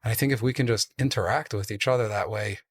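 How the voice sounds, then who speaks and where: A man's voice: lowish voice, fast talker, slightly rough, no room sound. A man who works as a life coach, musing thoughtfully on a podcast panel and hedging with fillers. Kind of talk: casual panel chat.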